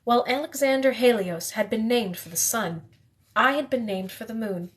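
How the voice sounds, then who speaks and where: A woman reading a novel aloud in the first person, steady, with the odd slip she corrects. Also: a little high, moderate pace. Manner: steady reading with occasional slips and self-corrections. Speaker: reader.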